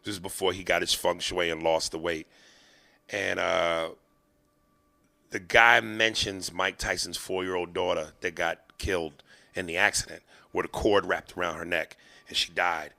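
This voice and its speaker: A man hosting a podcast, spinning comic stories with lots of swearing and acting out the characters in them. His voice is gravelly, with a bright, forceful edge. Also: sits low, moderate pace. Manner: animated, profane, acts out the people in his stories. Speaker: podcast host. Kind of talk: comedic storytelling.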